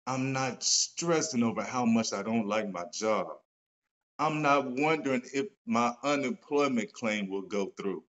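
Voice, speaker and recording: Man hosting a casual live stream, mid-pitched, animated and salty, with slightly muffled home-stream audio. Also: measured pace. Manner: animated, swears casually, gets excited and loud. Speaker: author and host of a live stream. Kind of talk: casual motivational talk. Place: at home, seated in a wheelchair.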